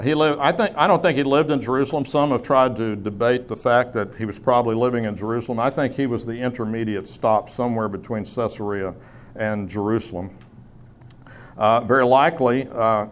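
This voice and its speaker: A man preaching a sermon, teaching in a conversational way with asides and small self-corrections. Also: medium pitch. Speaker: pastor.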